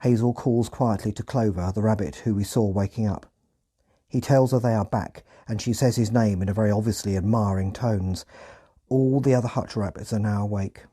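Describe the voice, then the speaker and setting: A man narrating a scripted podcast in a measured, descriptive manner. His voice sits fairly low and sounds mellow and relaxed. He walks through each scene step by step. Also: breathy edge.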